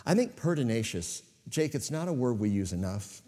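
A man's voice: medium pitch, very animated, normal speed, dark tone, big-room sound. A man preaching a sermon as pastor to a church congregation, with dramatic swings in volume.

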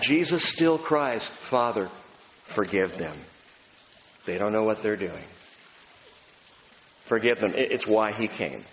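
A male pastor preaching a sermon, talking directly to his congregation and swinging between emphatic, raised passages and hushed, low ones. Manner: conversational and direct with the audience. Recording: long hall reverb, faint background noise.

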